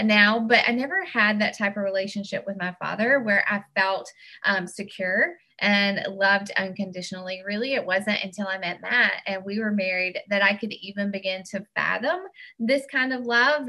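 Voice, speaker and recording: A woman's voice: mid-range voice, bright, forceful tone. A woman giving a personal faith testimony, earnest and heartfelt, sometimes restarting her words. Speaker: church member giving testimony.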